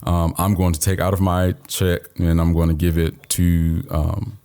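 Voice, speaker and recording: A man's voice: low voice, completely flat delivery, measured pace, mellow. A man co-hosting a podcast in casual conversation, speaking earnestly and openly about his feelings. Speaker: podcast co-host.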